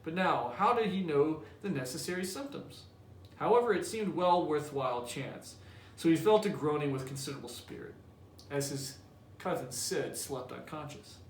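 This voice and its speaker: Male teacher reading to class, slightly high voice, echoey room. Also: lively intonation, normal speed. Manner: explanatory, conversational. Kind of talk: reading a novel aloud to a class. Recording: echoey room, distant mic, faint hiss.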